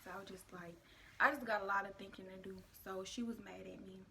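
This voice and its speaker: Young woman, hushed, half-whispered storytelling. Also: mid-range voice, fairly even intonation, fairly quick, vocal fry, a little hiss or hum. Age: young adult. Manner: casual, many "like" fillers. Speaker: vlogger. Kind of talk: personal storytime vlog.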